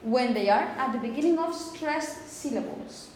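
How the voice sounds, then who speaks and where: A woman whose first language is Spanish teaches a phonetics class, her voice a little high. She explains step by step and keeps checking in with the students. The room is echoey, with faint background noise. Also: lively intonation, normal speed, darkish tone. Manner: explanatory, checks in with "okay?" often. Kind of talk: classroom lecture.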